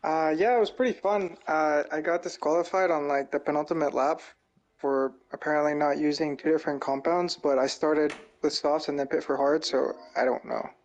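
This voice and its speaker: A man talking casually about his race, relaxed and matter-of-fact. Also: on the high side, normal speed, highs cut off. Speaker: driver guest. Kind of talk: casual chat.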